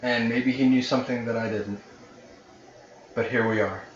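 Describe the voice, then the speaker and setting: A man's voice: mid-range voice, steady tone, normal speed, recorded from a distance, a little hiss or hum, close to an everyday voice. Man doing a half-orc woman warrior, sorry and earnest, in a roomy, slightly dull recording. Near his own voice. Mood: apologetic. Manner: earnest, apologetic.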